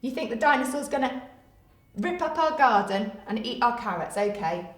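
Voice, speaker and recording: Lively English woman teaching young kids. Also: fairly high pitch, normal speed. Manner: playful, exaggerated, sing-song teacher voice. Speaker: primary school teacher. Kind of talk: video writing lesson for young children. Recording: echoey room.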